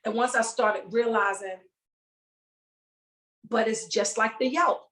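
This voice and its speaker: A woman comedian chats casually and animatedly, slipping into acted-out voices to make her point. Her voice sits a little higher than most. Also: slow pace, rough recording. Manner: animated, acts out voices and sounds. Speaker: comedian, guest. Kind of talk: casual chat.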